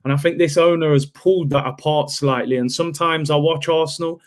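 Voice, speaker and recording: A man's voice: on the high side, steady tone, a little fast. A man hosting a casual podcast, speaking earnestly and giving his opinions in plain words. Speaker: podcast host.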